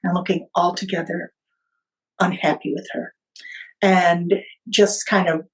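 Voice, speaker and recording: A woman podcast guest retelling a family story in conversation, animated, with small hesitations and restarts. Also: fairly low pitch, measured pace, low-quality recording.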